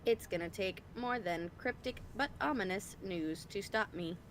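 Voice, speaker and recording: A woman performs a lively female brain in a jar with a faintly mechanical voice at an ordinary mid-range pitch. She sounds upbeat, a little flirty and full of energy. The whole thing comes through an online voice call. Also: normal speed, a little hiss or hum, lightly acted. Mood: chipper. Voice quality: slightly robotic voice. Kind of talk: fan voicing of game dialogue. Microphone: voice call over the internet.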